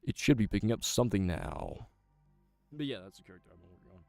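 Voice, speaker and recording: A man's voice: on the low side, expressive, quick pace, faint music behind. A young man streaming voice-acting practice, chatting casually with joking, profane, self-deprecating asides into a close desk mic. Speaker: voice actor streamer. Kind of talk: casual livestream chat.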